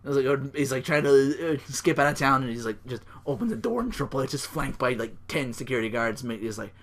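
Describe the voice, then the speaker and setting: A man hosting a casual solo podcast, recapping wrestling with excitement, laughter and quick put-on voices. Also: medium pitch. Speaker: podcast host.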